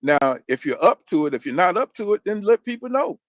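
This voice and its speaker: Brief: man, fairly high voice, loose swearing commentator, dull dry lo-fi sound. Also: big pitch swings, a little fast, no room sound. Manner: rambling, profane, keeps saying "you know what I'm saying". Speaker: boxing commentator. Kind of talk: casual opinion rant.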